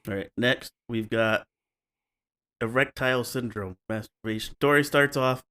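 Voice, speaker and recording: A man's voice: mid-range voice, unhurried, pushed and bright, clean tone. Wry laid-back man retelling stories. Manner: laid-back and wry, with playful mock voices. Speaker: podcast host. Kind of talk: casual chat, retelling stories.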